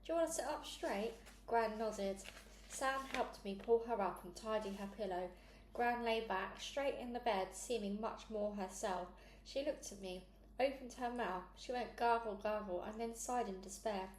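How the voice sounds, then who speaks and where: A woman's voice: medium pitch, unhurried, echoey room, a little hiss or hum. Woman reading a children's story aloud. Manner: steady, clear read-aloud narration. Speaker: storybook reader.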